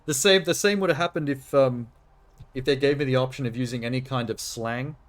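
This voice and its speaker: An Australian man in casual commentary while streaming a game. His voice sits at a middle pitch, and his delivery is chatty and quick to laugh. He swears freely.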